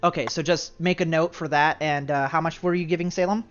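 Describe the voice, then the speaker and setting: A woman running a tabletop game as game master, narrating quickly and casually with many fillers. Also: deep voice, steady tone. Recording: dull lo-fi with faint music.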